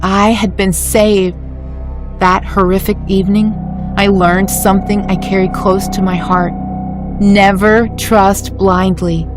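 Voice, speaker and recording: Woman telling a scary story in first person, measured and dramatic, mid voice, soft music under it. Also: medium pitch, level tone. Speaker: story narrator. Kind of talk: scripted first-person horror narration.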